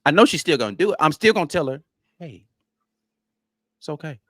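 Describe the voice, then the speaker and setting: A man in his thirties co-hosting a casual sports chat show, animated and telling stories with acted-out quotes. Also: fairly high pitch, very fast, no echo, studio quality. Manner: animated storyteller, acts out calming quotes. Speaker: co-host.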